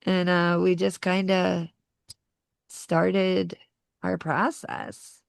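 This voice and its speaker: A woman's voice: on the low side, level tone, extremely slow, vocal fry, smooth, no room sound, clean studio sound. A young woman co-hosting a podcast, telling a personal story in a casual, slangy way and swearing freely. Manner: casual, swears freely, calls people dude. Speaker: podcast co-host.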